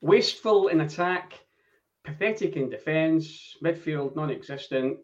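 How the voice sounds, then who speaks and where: A man's voice: on the high side, animated, a little slow, far from the mic, dull audio. A man chatting as a football podcast panelist over a video call, sweary and stumbling. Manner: swears freely, stumbling restarts. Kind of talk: casual podcast chat.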